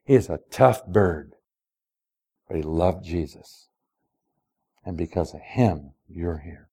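A man's voice: low-pitched, animated, slow, mellow, slightly rough. A man in his late sixties preaching a folksy, storytelling sermon, asking the congregation direct questions. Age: 60s. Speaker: pastor.

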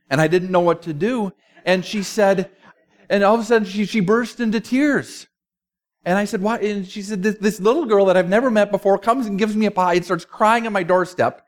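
A man preaching a sermon, telling a story with emphasis and dropping to a quiet voice at times. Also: high-pitched, fairly quick.

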